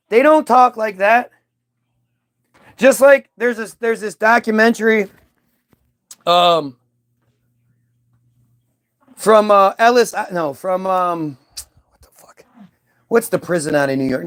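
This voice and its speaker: A man's voice: sits high, a bit bright. A man giving a heated, profane monologue to camera, rambling with frequent restarts and trailing asides. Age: adult, old enough to recall early-2000s hits. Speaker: video commentator.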